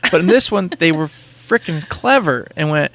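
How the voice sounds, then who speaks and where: A man hosting a podcast, talking in casual chat with enthusiastic, rambling excitement. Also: fairly high pitch, moderate pace. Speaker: podcast host.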